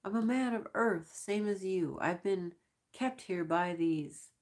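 A woman's voice: mid-range voice, slow pace, voice pushed up, lightly acted. A woman voicing a male escaped prisoner who grovels and begs in a plaintive, wailing way.

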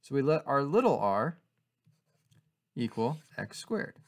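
A man teaching a calculus lesson, explaining in a relaxed, conversational way with casual filler words. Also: medium pitch, measured pace.

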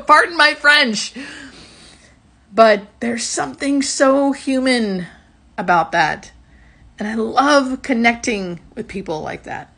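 Woman, hospice nurse, casual storytelling, raspy, soft trailing phrases. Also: on the high side, expressive, takes it slowly. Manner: reflective, soft-spoken, trailing off at ends of phrases.

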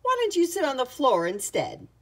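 A woman voicing a kind, motherly hen schoolteacher who fusses gently over her class, in a storybook reading. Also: sits high, huge pitch swings, normal speed, pitched above the performer's own voice, full character voice. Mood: fond dismay.

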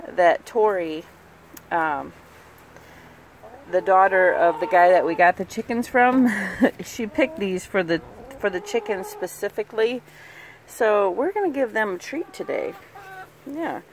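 A woman's voice: medium pitch, a little hiss or hum. A middle-aged woman chatting casually as she films her backyard chickens. She laughs often and coos at the hens in a sing-song voice, talking into a handheld phone camera outdoors. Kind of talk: casual chat while filming. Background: faint clucking chickens.

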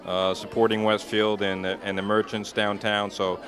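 A man's voice: on the low side, little pitch movement, normal speed. A man interviewing people at a downtown event, friendly and joking. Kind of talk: street interview. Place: outdoors downtown at night.

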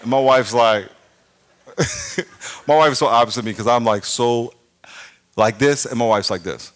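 A middle-aged man preaching a sermon as pastor, telling a story with shouted sound effects and playful, self-mocking humor. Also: medium pitch, wildly swooping pitch, measured pace. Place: large church.

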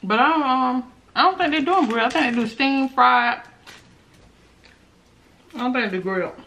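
A woman vlogger with a high, fairly bright voice talks at a moderate pace while eating in a casual mukbang chat. She's chatty and addresses her viewers directly as "y'all," dropping in playful asides and hums.

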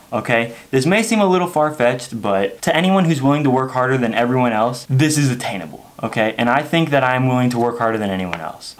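A young man talking to camera in a casual vlog rant, telling stories with lots of "like" and "okay?". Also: mid-range voice. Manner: animated storytelling, frequent "like" and "okay?". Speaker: wrestling vlogger.

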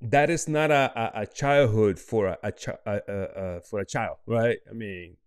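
A man's voice: lowish voice, normal speed, smooth, dry recording, clean studio sound. A man hosting an interview, asking casual questions in a hesitant way, filling his speech with "I mean". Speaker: host.

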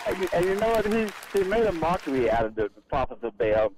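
A man's voice: a little high, big pitch swings, quick pace, over a noisy crowd, heavy background noise. A man calling in to a radio show and chatting cheerfully with the host over the phone. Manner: chatty, laughs easily. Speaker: caller. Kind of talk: phone-in chat.

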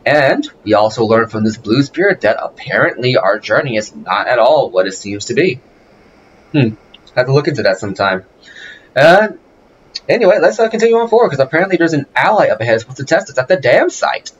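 A man hosting a gameplay video, chatting casually with rambling restarts and excitable exclamations. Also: mid-range voice, a little fast, highs cut off, a little hiss or hum. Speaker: gaming video host.

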